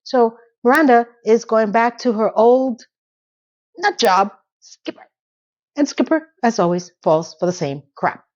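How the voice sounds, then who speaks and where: A woman's voice: on the high side, unhurried, lo-fi sound. Chatty woman recapping a TV episode. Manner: chatty, animated, sarcastic asides. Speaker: TV episode reviewer.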